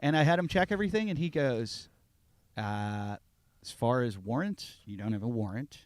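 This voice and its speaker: At medium pitch and normal speed, a man co-hosting a podcast relaxes into a long story. He's animated, performing the dialogue for both himself and the others involved. The sound is dry.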